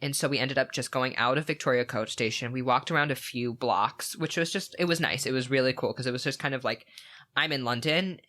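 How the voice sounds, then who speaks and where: A young man on a podcast, chatting casually with a bright, forceful edge to his voice. He tells his story eagerly and rambles, with lots of "like" and "um" along the way. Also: medium pitch, quick pace, hardly any pauses. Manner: enthusiastic, rambling storytelling with many "like"s. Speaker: podcast co-host. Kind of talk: casual chat.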